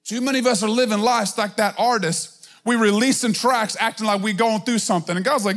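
A man in his thirties preaches with a strikingly high voice. He talks to the congregation in a casual, conversational way, scattering fillers, then leans hard into emphatic points. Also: fairly quick, fairly bright tone. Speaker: pastor. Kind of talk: sermon.

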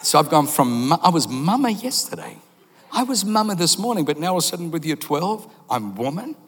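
A preacher putting on a mock-offended mother scolding her grown son, sassy and huffy. The voice sits fairly high and rings out with a long hall echo. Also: big pitch swings, fairly quick. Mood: indignant. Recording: long reverb in a large hall.

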